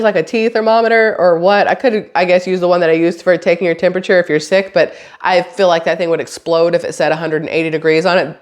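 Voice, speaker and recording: A woman, a mother, chatting casually to camera as a vlogger, rambling and swearing lightly. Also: lowish voice. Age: adult, has a daughter.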